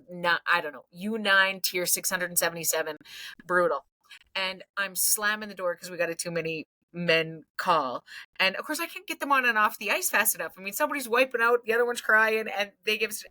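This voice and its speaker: A middle-aged woman psychologist from Canada, talking energetically on a podcast and breaking into loud acted outbursts. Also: fairly low pitch, no room sound, low-quality recording. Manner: animated storyteller, swings into loud acted outbursts. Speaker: psychologist guest.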